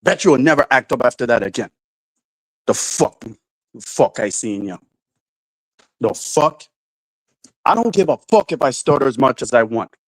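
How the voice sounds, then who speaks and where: A man's voice: medium pitch, expressive, normal speed, pauses often, no echo, poor audio. A man hosting his livestream in casual chat, irritated, swearing constantly and ranting in restarts. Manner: swears constantly, rants and restarts, raises voice when angry. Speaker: livestream host.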